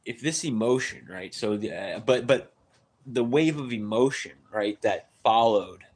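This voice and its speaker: A man on a live stream, rambling through a story with many restarts and tag questions, getting louder and higher as he gets worked up. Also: unhurried. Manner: rambling, repeats "right?" and "dude", many restarts; grows loud and high-pitched when excited.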